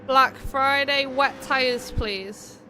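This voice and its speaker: A high, bright young woman calls a sim race live. She chats playfully between updates and gets excitable when the racing turns close. A faint background hiss sits under the voice. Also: extremely slow. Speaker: race host and commentator. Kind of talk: live-stream race commentary and chat.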